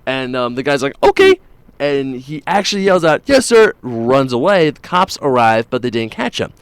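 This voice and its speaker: A man's voice: medium pitch, lively intonation, normal speed, clear, resonant tone, dry recording. A man hosting a morning show, telling news stories in a rambling, jokey way with plenty of fillers. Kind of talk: casual radio-style chat.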